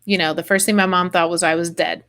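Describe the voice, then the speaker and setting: A woman hosting a podcast, telling a personal story in animated casual chat with quick asides. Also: on the low side. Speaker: podcast host.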